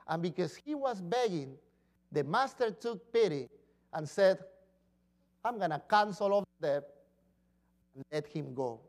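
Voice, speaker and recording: A man preaching a sermon as pastor, acting out quoted pleas in voices. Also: sits high.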